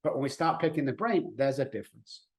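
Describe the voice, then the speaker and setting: A man's voice: medium pitch, fast. Emphatic middle-aged man explaining. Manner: emphatic, animated storytelling with acted-out quotes. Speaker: addiction expert guest. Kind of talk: conversational podcast interview.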